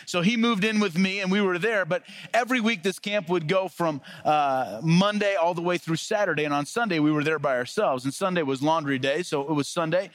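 A male pastor preaching a casual sermon, telling stories and acting out the quoted lines with lively energy. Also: on the high side, a little fast, few pauses, no room sound. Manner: storytelling with lively acted-out quotes.

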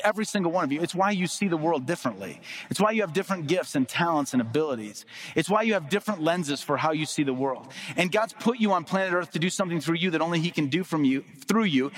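A middle-aged man preaching a sermon as pastor, emphatic and calling on the congregation to repeat phrases after him. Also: a little high.

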